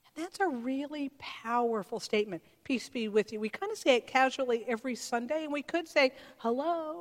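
High-voiced woman preaching in a reverberant church. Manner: conversational preaching with rhetorical questions to the congregation. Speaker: pastor. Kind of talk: sermon.

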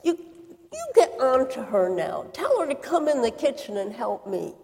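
A woman's voice: a little high, takes it slowly. A woman playing Martha, a busy and indignant hostess, in an earnest dramatic monologue. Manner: earnest, expressive storytelling with quoted outbursts. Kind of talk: dramatic first-person monologue. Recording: reverberant hall.

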